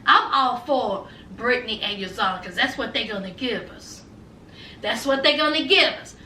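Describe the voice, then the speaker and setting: A woman's voice: very high-pitched, sharp tone, distant mic, slight background noise. A woman giving a sassy, emphatic recap of a reality show, asking "okay?" again and again. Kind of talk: casual TV recap commentary. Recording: echoey room, voice a bit off mic.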